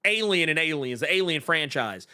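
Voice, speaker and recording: A young man hosts a casual pop-culture podcast, and his voice swings widely in pitch as he gets worked up. He talks in slang, stumbles, restarts, and trails off. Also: lively intonation, normal speed, pushed and bright. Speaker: podcast host.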